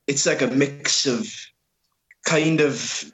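A man's voice: mid-range voice, slow, fairly bright tone, husky, low-quality recording. A man from Wales, chatting casually and hesitantly. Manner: hesitant, many fillers and restarts. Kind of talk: casual chat.

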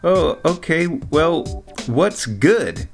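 A man's voice: on the high side, very animated, drawn-out words, faint music behind, pitched above the performer's own voice, full character voice. A man doing his baffled buddy. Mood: puzzled. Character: puzzled adult man, the narrator's friend.

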